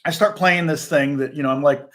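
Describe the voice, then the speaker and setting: A man's voice: on the high side, a little fast, a bit bright. A man chatting loosely as a session guitarist answering viewer questions, telling stories with lots of fillers and restarts. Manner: loose and anecdotal, many fillers and restarts, demonstrates on guitar between phrases. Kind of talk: casual rambling chat. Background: guitar playing.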